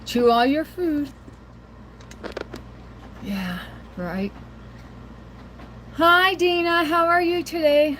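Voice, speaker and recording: A woman's voice: sits high, extremely slow, pauses often, fairly bright tone, a little hiss or hum. A woman hosting a casual livestream, chatting and rambling to viewers and laughing often, recorded on a handheld phone. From rural area near Boise, Idaho. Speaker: livestream host.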